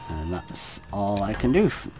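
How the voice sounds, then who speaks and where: A man's voice: fairly low pitch, big pitch swings, a little slow, music in the background. A man giving chatty, self-deprecating commentary while streaming a game. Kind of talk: let's play commentary.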